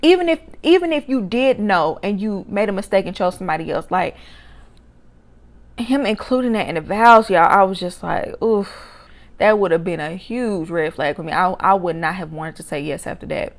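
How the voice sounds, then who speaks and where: At a moderate pace, a sassy, expressive woman runs through a reality show episode and shares her candid opinions. Her voice shoots way up whenever she exclaims.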